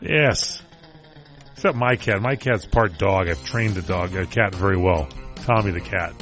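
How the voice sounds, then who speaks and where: A man's voice: low voice, measured pace, a bit bright, soft background music. Wisecracking male radio host. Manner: wisecracking, rambling. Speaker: radio talk show host. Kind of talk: casual entertainment news chat.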